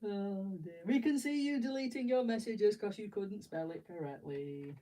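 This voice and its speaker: A woman's voice: mid-range voice, normal speed, dark tone, far from the mic, rough recording. A middle-aged woman with an English accent, chatting and telling rambling stories as she builds, laughing often. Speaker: streamer. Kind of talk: casual chat while building. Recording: voice a bit away from the mic.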